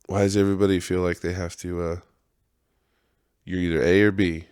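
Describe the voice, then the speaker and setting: Low-voiced man in a rambling podcast rant. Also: fairly even intonation, normal speed, pauses often, clear, resonant tone, no echo, clean studio sound. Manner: rambling, profane, laughs often. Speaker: podcast host. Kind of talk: casual podcast monologue.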